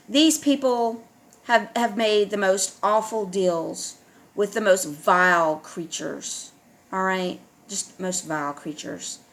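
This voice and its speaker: A woman's voice: medium pitch, fairly bright tone. A woman vlogger speaking in an emphatic, repetitive monologue to her viewers, often checking in with "all right?".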